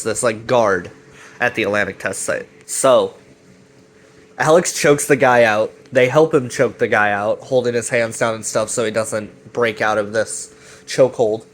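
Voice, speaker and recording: Casual male recap host, mid-pitched, loose and profane. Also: a bit bright. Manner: loose, profane, full of fillers and restarts. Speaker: web series recap host. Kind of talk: casual rambling plot recap.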